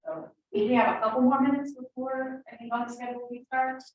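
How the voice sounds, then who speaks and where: Woman chairing a meeting, casual and halting, recorded from across an echoey room. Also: sits high, fairly even intonation, darkish tone, distant mic. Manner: casual, with frequent fillers. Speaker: meeting host, state program director. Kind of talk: meeting introductions and announcements.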